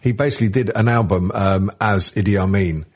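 A husky, fairly low male voice co-hosting a sweary comedy podcast. He stumbles through his sentences, piling up ums and restarts before he lands a joke. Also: fairly quick. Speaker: podcast co-host. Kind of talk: casual comedy chat.

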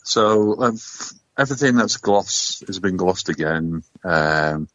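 A man co-hosting a podcast from his kitchen, telling rambling sweary stories in a deadpan way. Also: low-pitched, slow, no echo, lo-fi sound. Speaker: podcast co-host. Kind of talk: casual chat.

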